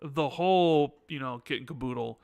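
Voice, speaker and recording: Male podcast host, sarcastic and chatty, gravelly edge, dry close sound. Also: mid-range voice, moderate pace, a little mellow, no echo. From United States. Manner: joking, sarcastic, with frequent restarts. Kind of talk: casual chat.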